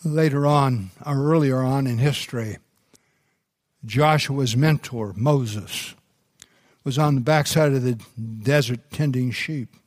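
Slow, unhurried pastor preaching a sermon. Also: male voice, medium pitch, no room sound, clean studio sound. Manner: unhurried storytelling delivery with restarts.

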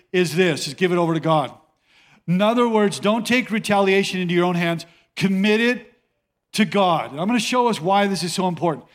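A male pastor preaching a sermon in a conversational way, repeating phrases for emphasis. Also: high voice.

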